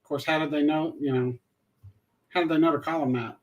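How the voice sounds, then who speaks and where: A middle-aged man co-hosting a travel live stream, adding relaxed comments and explanations in casual chat. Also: fairly high pitch, a little fast, rough recording. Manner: relaxed, adds brief remarks and background explanations.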